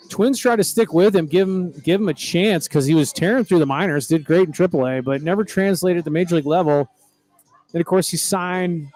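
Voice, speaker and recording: A man's voice: fairly high pitch, a little mellow. Folksy man calling baseball. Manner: folksy, chatty, rambling storyteller. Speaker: play-by-play announcer. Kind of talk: baseball commentary.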